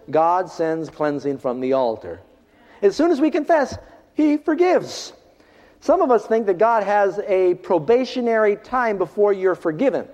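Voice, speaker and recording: A male pastor preaching a sermon, swinging from raised, emphatic lines to hushed ones. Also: a little high, lively intonation, moderate pace. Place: church hall. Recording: dull reverberant hall recording.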